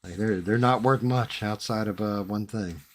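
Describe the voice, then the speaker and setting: Husky, profane New man. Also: on the low side, moderate pace. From New Jersey. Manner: profane, rambling storytelling. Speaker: hobbyist host. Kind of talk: casual chat while working.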